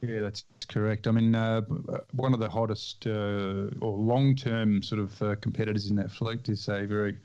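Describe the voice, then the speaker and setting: A man's voice: fairly low pitch, flat delivery, moderate pace, hardly any pauses, a little mellow, smooth. Chatty man, dull lo-fi sound. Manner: rambling, chatty, laughs often. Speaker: podcast co-host. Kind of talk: casual chat.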